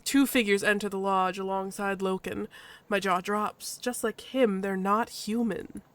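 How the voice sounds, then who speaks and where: A woman hosting a game playthrough who reads the narration aloud and chats in a lively, casual way. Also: mid-range voice, a little slow. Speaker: let's-play host.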